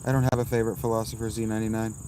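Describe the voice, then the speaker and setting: A man in his thirties with a lowish voice fires off short, blunt answers to his live chat, often brushing people off. He streams from a campsite outdoors, with faint insects and crickets humming behind him. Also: little pitch movement, background noise. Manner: blunt, dismissive quick answers.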